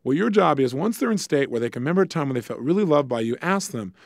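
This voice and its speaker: Guy lecturing on love, very lively up and down voice, acts out bits, dry close sound. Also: on the high side, fast, vocal fry, few pauses, no room sound. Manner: lively, acts out little dialogues with raised voice. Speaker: relationship speaker. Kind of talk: motivational lecture.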